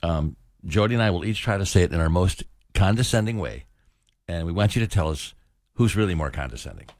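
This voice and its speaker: A male morning radio host with a low, deep voice that swings widely up and down as he banters. He teases with wry, drawn-out delivery, close on a studio mic with a dry, dead sound. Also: animated, a little mellow, dry recording. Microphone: studio microphone.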